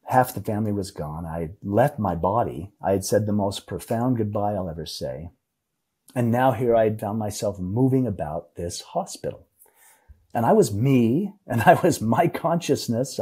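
A middle-aged man, a podcast guest, telling an emotional personal story in a halting way, often repeating words. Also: medium pitch, warm tone, breathy edge.

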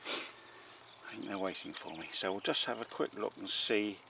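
Low gravelly guy keeping bees outside, chatty, keeps going oh crikey, faint buzzing behind. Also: moderate pace, noisy background. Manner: chatty, talks to the bees, excitable exclamations. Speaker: beekeeper. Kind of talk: casual narration while working a hive. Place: outdoors at a beehive.

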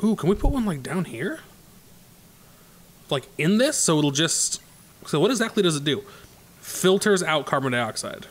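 A man doing a relaxed let's play, talking through each move as he makes it and stopping often for fillers. His voice sits a bit high and swings widely in pitch, which keeps it animated. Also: moderate pace, pauses often. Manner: thinking aloud, chatty, many fillers. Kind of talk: casual gameplay commentary.

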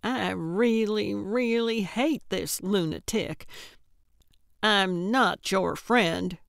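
A woman's voice: medium pitch, slow pace, gravelly, no echo, studio quality. A woman narrator voicing a feisty, blunt older woman amateur sleuth who snaps back grumpily. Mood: cranky, blunt. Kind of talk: audiobook character voice.

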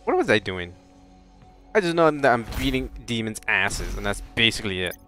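A man casually commenting on a game he plays, rambling, swearing and bursting out loud. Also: fairly low pitch, big pitch swings, normal speed, faint music behind. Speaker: let's play host.

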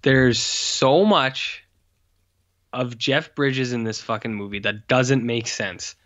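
A man's voice: medium pitch, steady tone, slow pace, fairly bright tone, muffled recording. A man co-hosting a casual film review podcast, blunt and scornful, swearing often. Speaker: podcast co-host.

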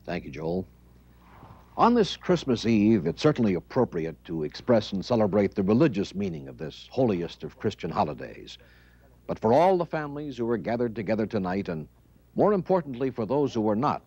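A man's voice: fairly low pitch, darkish tone, slightly rough. Solemn male TV anchor on old tape. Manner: solemn, measured recitation. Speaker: TV news anchor presenting a special. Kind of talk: formal read of a Dickens passage. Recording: dull lo-fi 1970s TV tape with faint music.

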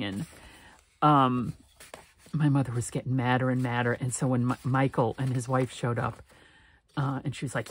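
A woman's voice: rumbling low, fairly even intonation, normal speed. Chatty woman rambling while crafting. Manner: rambling and chatty, with frequent laughs and restarts. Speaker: paper craft channel host. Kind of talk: casual chat while crafting.

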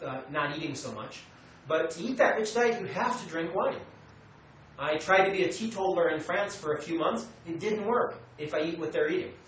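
An American man teaching a class, animated, acting out quotes and telling students what to note down. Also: fairly high pitch. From United States. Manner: animated, acts out quotes, tells students to take notes. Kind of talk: classroom lecture. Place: meditation center lecture room. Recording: echoey room, mic far away, light noise.

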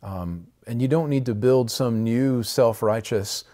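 A man's voice: mid-range voice, a little slow, warm tone. A man co-hosting a podcast, talking in a casual, rambling way with frequent restarts. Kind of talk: casual conversational podcast talk.

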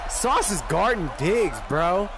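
Young guy cussing out his football game, slow heated drawl, loud game crowd and noise behind him. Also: high-pitched, sing-song. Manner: profane, yells at the game. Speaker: gaming streamer. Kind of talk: gaming commentary. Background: loud video game stadium crowd.

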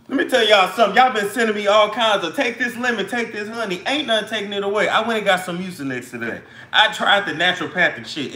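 Coughing male host, fairly high and bright, blunt and profane, in an echoey room. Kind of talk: casual gossip livestream.

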